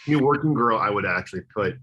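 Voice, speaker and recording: Bright husky-voiced man chatting casually. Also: lowish voice, expressive, fast, highs cut off. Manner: chatty, enthusiastic, rambling with fillers. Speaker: podcast co-host. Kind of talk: casual chat.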